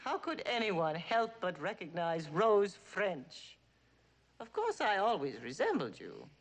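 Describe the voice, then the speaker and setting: A woman's voice: medium pitch, huge pitch swings, unhurried. An actress playing a domineering, dying wealthy old mother in a 1960s TV drama, with a cutting, theatrical manner. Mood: wistful. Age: older.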